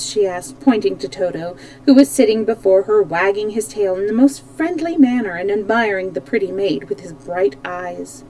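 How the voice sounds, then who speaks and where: A woman reading a children's book aloud in a calm, even manner, with small slips she corrects as she goes. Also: medium pitch, normal speed, low-quality recording. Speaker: storyteller. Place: home streaming setup.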